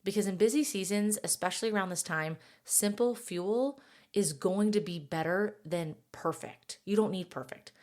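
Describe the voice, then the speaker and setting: A woman's voice: mid-range voice, moderate pace, darkish tone. A woman in her thirties hosting a podcast, coaching other moms in a casual, encouraging monologue and laughing at herself now and then. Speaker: podcast host and mom coach.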